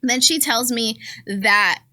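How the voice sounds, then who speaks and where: A woman in her thirties with a Southern Californian accent, co-hosting a podcast and telling a story in a casual, animated way, often laughing. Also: on the high side, takes it slowly. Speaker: podcast co-host.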